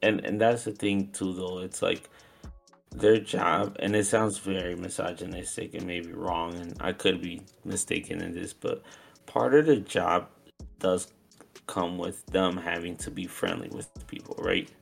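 A man's voice: deep voice, steady tone, unhurried, vocal fry, husky, soft background music. A man co-hosting a live podcast who talks in a rambling, hedging way, full of fillers. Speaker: podcast co-host. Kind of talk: casual chat. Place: live show venue.

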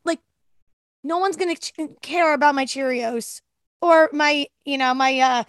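A woman's voice: high voice, measured pace, no room sound, studio quality. A woman co-hosting a podcast in casual, enthusiastic chat, often tripping over her words. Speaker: podcast co-host.

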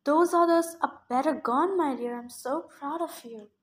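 Woman reader as a haughty goddess queen; patronizing, soft, threatening. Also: sits high, a little slow, reverberant. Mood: condescending.

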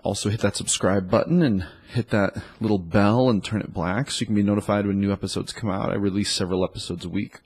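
Low husky guy with a stuffy cold, rambling dating coach chat, lots of likes and ums. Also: steady tone, quick pace, hardly any pauses, darkish tone. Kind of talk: casual solo monologue.

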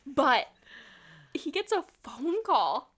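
A woman co-hosting a podcast, recapping a book in casual chat, with lots of "like", quick laughs and casual swearing. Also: high voice, sing-song, a bit bright. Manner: retells scenes with lots of "like" and acted quotes. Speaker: podcast co-host.

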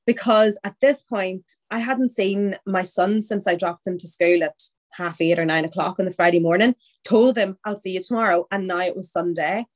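A woman's voice: medium pitch, fairly even intonation, normal speed. A woman, a podcast guest candidly telling her story in casual, chatty conversation. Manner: candid, chatty, quotes her own thoughts aloud.

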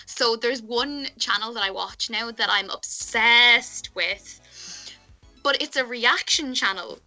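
A young Irish woman chatting casually as a podcast co-host, chatty and quick to agree. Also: on the high side, pushed and bright, faint music behind, rough recording. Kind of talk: casual chat.

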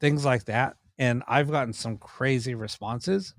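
In a casual podcast interview, a paranormal investigator and cameraman rambles animatedly through his stories, restarting often. He speaks at a medium pitch and an unhurried pace, and the recording is dry.

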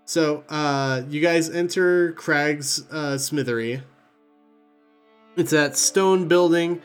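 A young man narrating as game master in a relaxed, rambling way, swearing casually. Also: on the high side, takes it slowly, clean tone, faint music behind.

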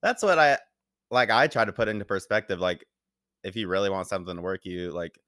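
A man hosting a casual podcast chat, relaxed, agreeing and laughing often. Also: low voice, fairly quick, no room sound, studio quality. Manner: laid-back, frequent short laughs and agreement. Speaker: podcast host.

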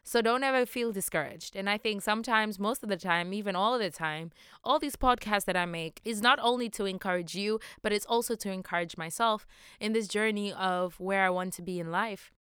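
A woman's voice: medium pitch, fairly quick, fairly bright tone, clear, resonant tone, dry recording, clean studio sound. A young woman hosting a motivational solo podcast, upbeat, playful and affectionate as she encourages her listeners. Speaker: podcast host.

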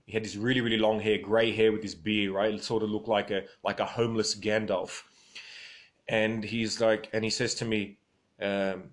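A man's voice: lowish voice, flat delivery, brisk. An Australian man livestreaming from his phone in a rambling, casual monologue, reading out viewer comments as he goes.

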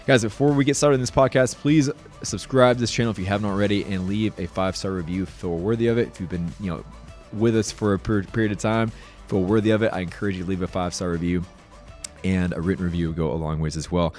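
A man's voice: low-pitched, steady tone, quick pace, darkish tone, faint music behind. A young man hosting a podcast, enthusiastic and upbeat, saying dude and y'all a lot. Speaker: podcast host.

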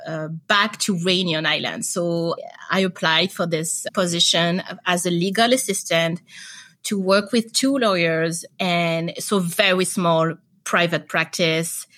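Young woman, podcast guest; lower voice, bright tone, animated storyteller. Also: unhurried. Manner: animated storytelling with quoted dialogue. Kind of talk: casual interview chat.

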